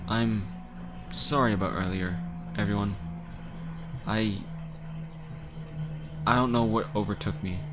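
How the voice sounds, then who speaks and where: Lower-voiced guy narrating a story game, casual, swears a lot. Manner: casual, swears, stammering restarts. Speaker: gamer playing a story game. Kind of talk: reading game text aloud with casual commentary.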